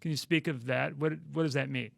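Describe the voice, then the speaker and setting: A man with a gravelly voice at a middle pitch asks his guest long questions, pausing and restarting as he goes. His voice sounds dry and close. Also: steady tone, fairly bright tone, dry recording. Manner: halting questions with many fillers and restarts. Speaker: interview host. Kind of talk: interview questions.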